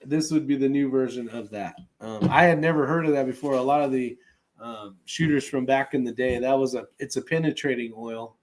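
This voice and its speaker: A man hosting a relaxed livestream, reading viewer comments aloud and chatting loosely with plenty of fillers and chuckles. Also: mid-range voice, a little fast. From California. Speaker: host reading live chat. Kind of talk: casual livestream chat.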